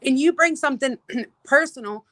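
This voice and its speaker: Woman livestream host, outdoors on her phone; bright, dry close sound, exasperated and profane, lots of restarts. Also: sits high, moderate pace, no echo, poor audio. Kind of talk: casual livestream rant, greeting viewers.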